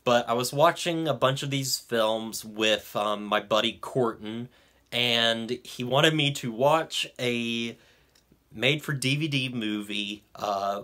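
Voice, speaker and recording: A man's voice: medium pitch, slow pace, bright, forceful tone. A young man giving a casual film review, hesitant, with frequent ums and restarts. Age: young adult.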